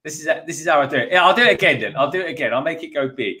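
A man's voice: a little high, expressive, racing, sharp tone. A man joining a live stream as guest, chatting casually, laughing often and repeating words for emphasis. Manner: laughs easily, repeats himself, stresses words. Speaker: guest co-host.

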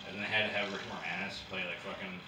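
A man's voice: sits low, little pitch movement, fast, over a noisy crowd. A man in casual drinking chat, rambling and crude, often putting on little voices for characters. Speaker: vlog host. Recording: roomy, distant mic with background noise.

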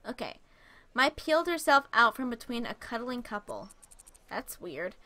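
A young woman with a high, bright voice reads a dating game aloud. She breaks off into playful asides and giggles along the way. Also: lively intonation, normal speed. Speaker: let's play host reading a visual novel.

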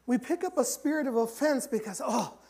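A man preaching a sermon as pastor, impassioned and repetitive, with swings between loud declarations and quiet confession. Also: very high-pitched, animated, brisk. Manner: confessional, quiet when telling his own story.

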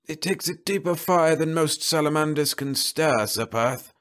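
A male narrator voicing an older, cautious court physician in a fantasy audiobook, speaking in a measured, learned way. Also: fairly high pitch, a bit bright, voice pushed up, close to an everyday voice. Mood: wary.

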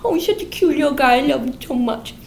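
A woman's voice: high-pitched, animated, fast, vocal fry, reverberant, a little hiss or hum, pitched above the performer's own voice. A woman voicing a cheery, scheming female pie shop owner in a bubbly, chatty way. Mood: chirpy.

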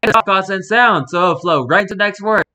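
A man's voice: sits high, fast, bright, forceful tone, a little hiss or hum. A man reading posts aloud in a rambling, jokey vlog commentary, swearing casually.

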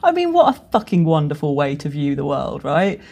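Frank, swearing woman podcaster, lowish voice. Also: very animated, a little fast, warm tone. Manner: candid, swears freely, storytelling with laughs. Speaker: podcast host and brand strategist. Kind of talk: casual solo podcast monologue.

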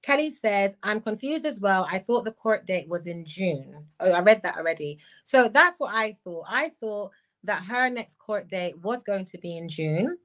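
A woman's voice: mid-range voice, animated, moderate pace, a bit bright. Woman host reflecting on a live stream. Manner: reflective, reads viewer comments aloud. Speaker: channel host.

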